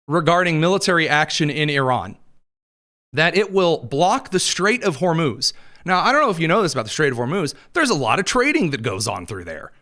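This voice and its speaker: A man's voice: fairly high pitch, bright, forceful tone. A man hosting a political news show, commenting with sarcastic asides and jokes, his throat a little dry. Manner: wry, quick asides, laughs at own jokes.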